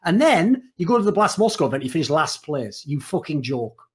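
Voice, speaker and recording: A man's voice: on the high side, sing-song, brisk, husky. A man co-hosting a podcast over a call, rambling and mocking, swearing constantly. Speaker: podcast co-host. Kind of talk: casual profane podcast banter. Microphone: remote call mic.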